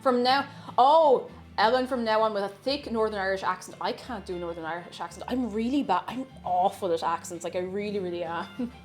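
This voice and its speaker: A woman hosting a live baking stream from her home kitchen, chatty and excitable, laughing often as she greets viewers. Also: mid-range voice, brisk, soft background music. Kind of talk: casual live-stream chat.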